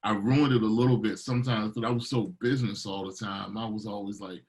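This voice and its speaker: Over a rough recording, a fairly low-pitched man talks a little fast. He's a middle-aged producer and DJ from Baltimore telling stories in a relaxed interview, full of energy and acting out what others said.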